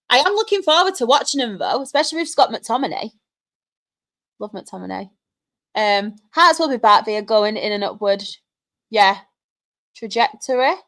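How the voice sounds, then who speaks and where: Woman, fairly high voice, casual live stream chat, laughs a lot. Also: fairly bright tone. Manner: chatty, laughs often, greets viewers by name.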